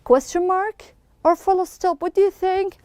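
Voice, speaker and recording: A woman's voice: very high-pitched, fairly even intonation, a little slow, a little mellow, no echo. A woman teaching an English lesson to young pupils, prompting with questions and praising answers encouragingly.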